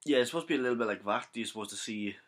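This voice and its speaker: A man's voice: mid-range voice, rapid-fire. A young man with a Welsh accent chatting casually to camera, rambling and correcting himself, with trouble saying his th sounds. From Wales. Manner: rambling, self-correcting, slangy. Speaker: fan vlogger. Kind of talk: casual theory chat to camera.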